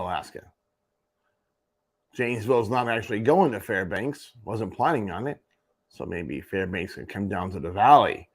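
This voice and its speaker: A man hosting a morning sports show, running through junior hockey standings with wry offhand asides. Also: fairly low pitch. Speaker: host. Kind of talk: sports radio rundown.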